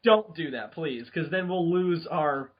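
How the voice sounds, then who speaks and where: A man's voice: fairly high pitch, unhurried, breathy edge. A man hosting a casual podcast chat, teasing his co-hosts and laughing often. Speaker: podcast host. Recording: dull lo-fi podcast audio.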